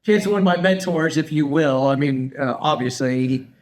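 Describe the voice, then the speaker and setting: A man co-hosting a podcast, chatting in a relaxed way and quoting himself with "I'm like". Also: on the high side, normal speed, slight background noise. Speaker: podcast co-host. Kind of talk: casual chat.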